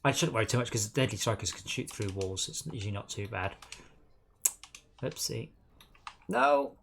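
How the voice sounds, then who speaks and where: A man's voice: fairly low pitch, quick pace, noisy background. A man streaming a co-op game, chatting casually and self-mockingly while calling out targets and coaching his teammates. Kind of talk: casual gameplay chat.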